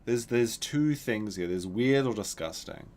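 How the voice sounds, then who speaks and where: A man's voice: mid-range voice, measured pace. A man telling a long rambling story while streaming a game, with frequent restarts and asides. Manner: rambling, animated, with many restarts. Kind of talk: casual livestream storytelling.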